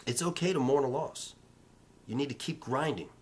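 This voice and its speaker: A man in his thirties talks straight to the camera in a motivational vlog. He leans on blunt repetition and a coaching tone, with a voice of middling pitch. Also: normal speed. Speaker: real estate vlogger.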